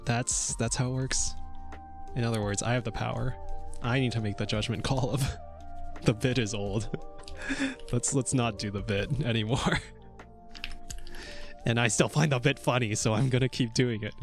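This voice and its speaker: A man's voice: mid-range voice, moderate pace, pauses often. A young man streaming while he codes a game, chatting casually and thinking aloud with lots of little laughs and fillers. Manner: rambling and chuckly, many fillers, thinks aloud. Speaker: VTuber streamer coding a game. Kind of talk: casual livestream chat while coding. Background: faint music and keyboard typing.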